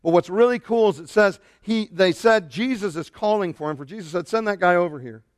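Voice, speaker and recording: A middle-aged man, a pastor, preaching a lively sermon and shouting out the lines he quotes. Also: high-pitched, brisk, no echo, clean studio sound.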